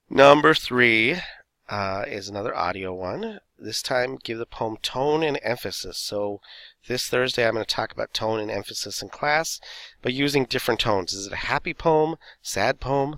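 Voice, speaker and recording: Male teacher recording a screencast at his computer, low voice, loose and chatty delivery. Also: bright, forceful tone, no room sound. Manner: casual, loose, fillers and self-corrections. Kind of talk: recorded classroom instructions.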